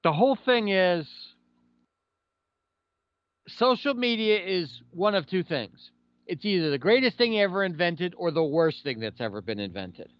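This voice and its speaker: A man with a fairly high voice hosts a casual podcast, sharing blunt, opinionated takes peppered with swearing. The sound is dry and a little dull, with no room around it. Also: big pitch swings, measured pace, no room sound. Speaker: podcast host. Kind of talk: casual profane talk.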